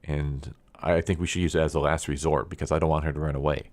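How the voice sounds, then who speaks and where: A man reading the lines of an excitable young female college student who is obsessed with the occult, in an eager and chatty way. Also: very deep voice, quick pace, no echo, studio quality.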